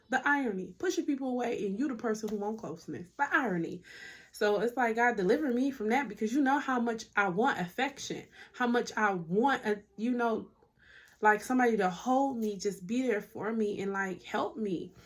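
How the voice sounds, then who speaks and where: Young woman, chatty faith vlog to a phone camera at home, emotional at times. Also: medium pitch. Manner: chatty and heartfelt, addresses viewers as y'all. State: emotional, near tears at times. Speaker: vlogger. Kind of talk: casual faith testimony to camera.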